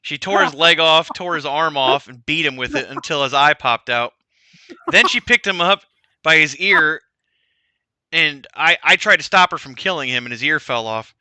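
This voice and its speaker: A man voicing a rambling old man who tells a long story with halting restarts. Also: a little high, lively intonation, bright, forceful tone, no echo.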